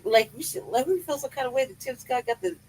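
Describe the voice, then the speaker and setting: Quick and high-pitched yet creaky, with a darkish, slightly rough tone, a podcast host rants expressively in casual chat. They swear heavily, laugh a lot and keep questioning their own feelings. The recording sounds rough.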